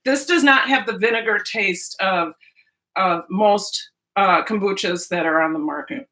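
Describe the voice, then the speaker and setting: A woman's voice: mid-range voice, unhurried, sharp tone. A middle-aged woman vlogger chatting casually with her live-stream viewers while cooking breakfast, rambling and barely moving her jaw as she talks. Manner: chatty and rambling, with frequent restarts.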